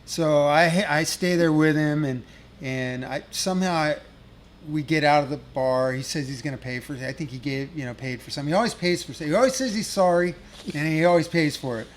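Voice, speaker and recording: Man, middle-aged, guest musician, casual storytelling, rambling, swears a lot, slightly raised pitch. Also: a little fast, a little hiss or hum. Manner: rambling, profane, laughs at his own story.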